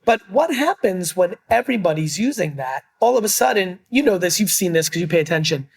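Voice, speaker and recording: A middle-aged man talks business in an emphatic, blunt voice. His pitch sits a little high for a man, and he swears casually as he pushes his points. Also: expressive, a little fast, gravelly. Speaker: guest, entrepreneur. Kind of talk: energetic business interview.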